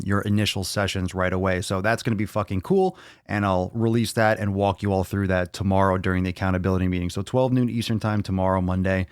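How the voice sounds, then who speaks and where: A man's voice: sits low, clean tone, no echo, studio quality. Profane, playful male podcast host. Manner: profane, playful, goofing with mock self-scolding. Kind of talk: live Q&A podcast chat.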